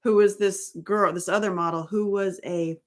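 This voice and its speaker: Middle-aged woman, casual storytelling, blunt and profane, laughs a lot, animated delivery. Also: mid-range voice, moderate pace. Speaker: author and host.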